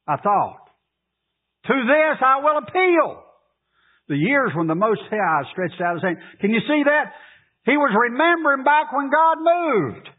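A man preaching a sermon as pastor, reading scripture aloud and pressing his congregation with emphatic, drawn-out questions. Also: expressive. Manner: preaching, rising to emphatic high pleas, drawn-out delivery. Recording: tinny phone-like radio broadcast.

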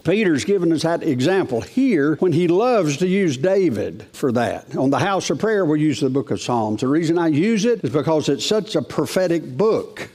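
A middle-aged preacher with a notably high-pitched male voice. He preaches in a plain, folksy manner and throws rhetorical questions at his congregation between scripture readings. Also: a little mellow. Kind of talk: sermon.

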